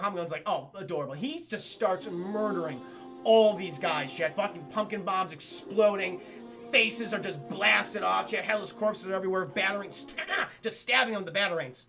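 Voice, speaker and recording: Excitable, gravelly male streamer. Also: sits high, normal speed, over music. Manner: excitable, swears freely, addresses chat. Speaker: streamer and cartoon reviewer. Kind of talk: casual profane live-stream review.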